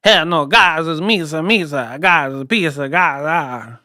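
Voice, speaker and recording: A man doing a mocking impression of a boxer, with a heavy put-on accent and exaggerated, drawn-out shouts. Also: on the high side, dry recording, clean studio sound. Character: impression of a famous male boxer, loud and grunting.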